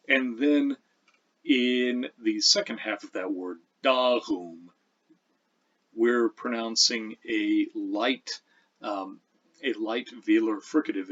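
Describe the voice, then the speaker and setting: A man teaching a lesson, explaining pronunciation patiently and reading old verse aloud slowly. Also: on the low side, a bit bright, husky, dull audio. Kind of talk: lecture with recitation.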